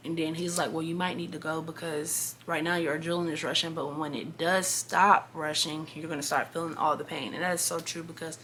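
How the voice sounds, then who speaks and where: An eighteen-year-old woman telling a story to camera in a casual, animated vlog, full of slang and emphasis. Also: low voice, brisk, a little hiss or hum. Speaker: vlogger.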